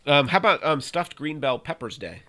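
A man's voice: fairly high pitch, big pitch swings, brisk, sharp tone. A man co-hosting a podcast in casual chat, playful and jokey, often trailing off mid-sentence. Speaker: podcast co-host.

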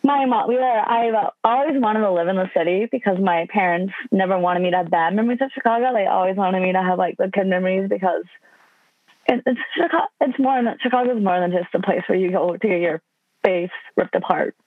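This podcast guest, a woman in her twenties from Wisconsin, USA, shares stories in a relaxed, chatty way, leaning heavily on "like." Her mid-range voice moves a bit quickly, and the audio is dry, like a phone call.

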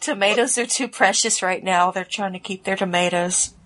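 A woman's voice: mid-range voice, normal speed, a bit bright. A woman on a casual podcast who talks things through in an explanatory way. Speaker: podcast co-host. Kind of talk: casual chat.

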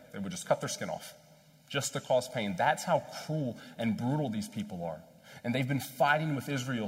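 A man preaching a sermon in a conversational, animated storytelling way, with self-deprecating asides. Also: mid-range voice. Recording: long hall reverb.

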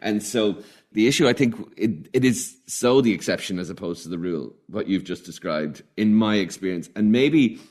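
A man hosting a podcast, asking thoughtful questions about athletes and their parents. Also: low-pitched. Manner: thoughtful, warm reflective questioning. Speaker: host, works with young athletes' well-being. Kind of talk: podcast interview.

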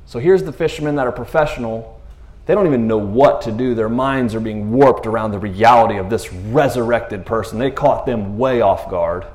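A man preaching casually, retelling scripture in an animated way with laughing asides. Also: medium pitch, normal speed. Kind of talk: casual sermon.

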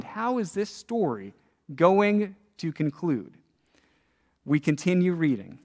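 A male pastor tells a Bible story in his sermon, his high voice swinging widely in pitch as he questions his listeners. The sound carries a long reverb, as from a large hall.

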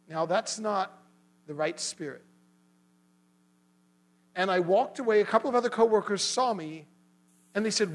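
A man giving an earnest sermon to a small gathering, telling a personal story and growing animated when he retells an argument. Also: sits high, normal speed, long pauses, low-quality recording. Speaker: lay preacher.

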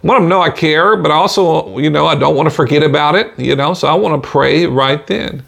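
A man with a fairly high, gravelly voice preaches a relaxed podcast sermon. He talks in a folksy way, scatters "amen" and "you know" throughout, and chuckles softly between points. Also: fairly quick.

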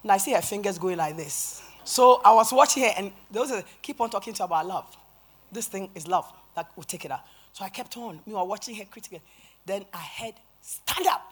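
A woman pastor preaching a sermon, telling a story with animated acted-out quotes and rising to shouts. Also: medium pitch, quick pace, slightly rough. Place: church sanctuary.

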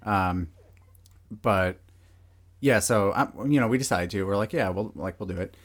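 Low-voiced man telling a rambling story. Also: moderate pace. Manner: laid-back, rambling, many fillers. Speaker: podcast guest. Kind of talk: casual storytelling.

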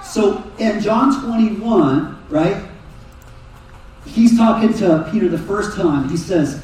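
A man preaching a sermon in a lively, animated way. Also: high voice, takes it slowly. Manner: animated preaching, voices Jesus and Peter in quotes. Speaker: pastor. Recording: echoey hall, mic far off.

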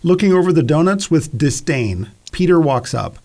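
A man's voice: on the high side, animated, normal speed, a little mellow. A man directing a rehearsal and narrating stage directions, speaking hesitantly with many fillers. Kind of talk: casual rehearsal talk.

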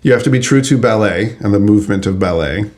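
A man's voice: fairly low pitch, quick pace, a little mellow. A man co-hosting a podcast, talking in a loose, chuckly way and correcting himself as he goes. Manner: conversational, chuckly, self-correcting. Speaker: podcast co-host. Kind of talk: casual chat.

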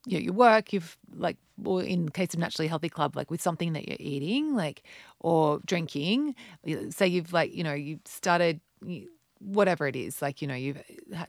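Chatty woman with a gravelly low voice. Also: no echo, studio quality. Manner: rambling, self-correcting storyteller. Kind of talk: casual talk to camera.

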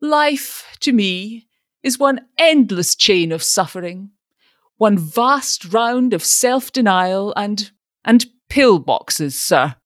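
A lofty, self-pitying old ironmonger, fussing and grand in a storybook reading, as a woman narrator puts him on. His lines rise high and swing widely, in a dry, close sound. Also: animated, slow, no room sound. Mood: lofty, fussy. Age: older. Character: fussy pompous retired ironmonger, older man.

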